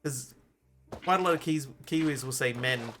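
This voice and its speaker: A man's voice: mid-range voice, moderate pace, music in the background. Rambling chatty streamer guy. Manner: rambling, chatty, many ums and restarts. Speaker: streamer playing a game. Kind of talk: casual live-stream chat while playing.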